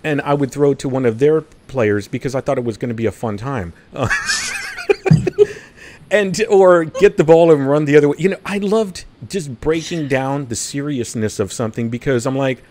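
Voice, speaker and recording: Casting note: man, casual podcast guest, rambling, lively swooping pitch. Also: normal speed, slight background noise. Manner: rambling, self-deprecating, acts out quotes with big pitch jumps. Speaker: guest streamer.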